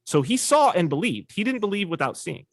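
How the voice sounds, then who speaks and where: Brief: man, podcast guest, animated storyteller, swinging lively pitch, dry close sound. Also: fairly quick, no echo. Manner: animated storyteller, acts out quoted voices. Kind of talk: casual conversation.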